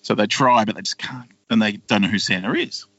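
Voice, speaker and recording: A man's voice: on the low side, a little fast, pushed and bright, husky, no room sound, muffled recording. A man, casually retelling a cartoon plot on a podcast and slipping into silly character voices. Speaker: podcast co-host.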